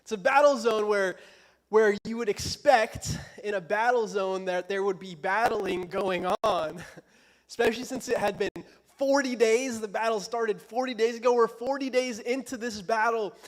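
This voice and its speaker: High-voiced young preacher, joking and casual. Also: male voice, steady tone, moderate pace. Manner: casual, joking, self-deprecating. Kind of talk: casual youth sermon. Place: church.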